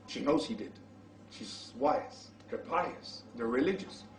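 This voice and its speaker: A man preaching, telling a story dramatically and rising to shouts at the climax. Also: mid-range voice, animated, slow pace. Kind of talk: storytelling sermon. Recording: roomy hall, mic far off.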